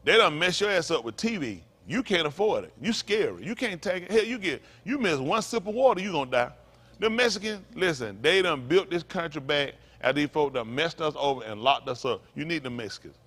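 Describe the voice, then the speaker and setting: A man preaches to his congregation with fiery emphasis. He repeats his points and slips in mocking asides. His voice sits high and swings widely from phrase to phrase. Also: animated, fairly quick, fairly bright tone. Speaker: pastor.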